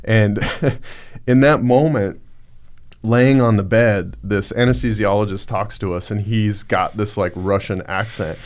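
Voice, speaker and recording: A man on a podcast, recounting a personal story in a halting, reflective way with many fillers. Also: lowish voice, steady tone. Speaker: podcast guest. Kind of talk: casual storytelling.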